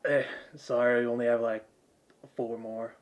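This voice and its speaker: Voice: mid-range voice, level tone, normal speed, pitched below the performer's own voice, close to an everyday voice. A game master voicing a reluctant male cook who sighs and grumbles. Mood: grudging. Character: grudging male cook at a camp table.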